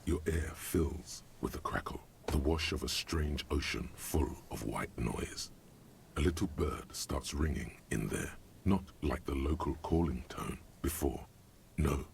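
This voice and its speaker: A man voicing a brooding game narrator, speaking in slow, ominous second person with a deep, gravelly voice. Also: a little hiss or hum, full character voice. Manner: slow, ominous, dramatic pacing. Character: brooding omniscient male narrator voice.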